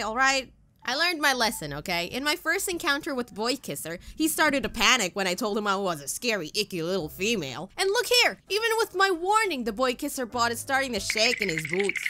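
Animated, high-voiced woman YouTuber. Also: normal speed, soft background music. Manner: animated, dramatic, self-mocking. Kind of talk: comedic storytime narration.

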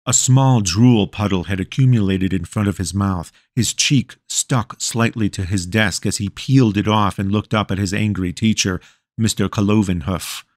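Guy narrating an audiobook, low voice, dry close mic, wry tone. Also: normal speed, dry recording. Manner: wry, storytelling. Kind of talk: scripted narration.

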